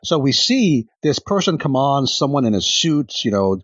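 A man's voice: mid-range voice, sing-song, moderate pace, husky, dry recording, lo-fi sound. A man co-hosting a casual podcast, chiming in with wry quips. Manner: wry, chimes in with short quips. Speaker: podcast co-host. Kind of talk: casual chat.

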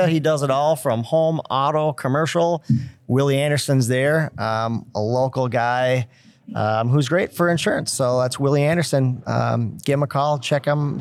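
A man's voice: a little high, moderate pace, gravelly, dry recording. A man from Minnesota co-hosting a podcast, reading sponsor spots in an upbeat, casual way with many fillers. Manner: upbeat, filler-heavy delivery. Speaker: podcast co-host. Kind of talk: casual chat and sponsor reads.

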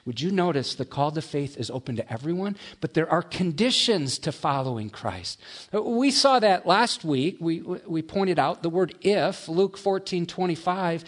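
A man preaching a sermon, mixing quick asides with slow, emphatic lines. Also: a little high, expressive. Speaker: pastor.

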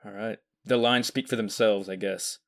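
Low-voiced man announcing awards. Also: steady tone, normal speed. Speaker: podcast host presenting awards. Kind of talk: casual podcast chat.

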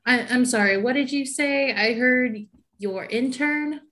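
A woman's voice: high-pitched, a little slow, fairly bright tone, voice pushed up. A woman voicing a tall, shy horned female ranger who speaks hesitantly and apologetically. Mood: flustered.

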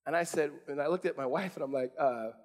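A man's voice: a little high, fast. A man, preaching a sermon in a casual storytelling way, full of restarts and fillers. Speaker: pastor.

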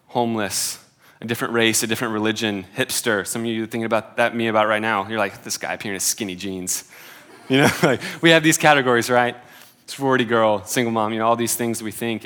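A man's voice: on the low side, a bit bright. A man in his twenties preaching a sermon in a casual, conversational way, with many filler "like"s and self-deprecating humor. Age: 20s.

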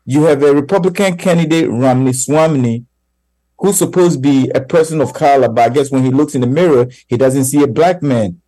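A man co-hosts a radio talk show. His voice is mellow and relaxed, heard dry with no room around it. He speaks in a halting way, pausing on fillers as he works through his thoughts. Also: medium pitch, no room sound, rough recording. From Ghana. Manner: halting, full of "you know" fillers. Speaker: radio co-host.

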